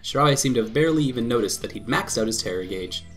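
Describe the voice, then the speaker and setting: A man hosting a let's play, reading a visual novel aloud with quick laughs and commentary. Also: medium pitch, over music. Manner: lively reading broken by laughs and asides.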